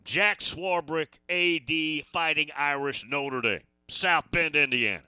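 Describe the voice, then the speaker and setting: A man's voice: fairly high pitch, slow, bright, forceful tone, smooth, no room sound. A man hosting a sports call-in radio show, talking casually and rambling between stories and listener messages.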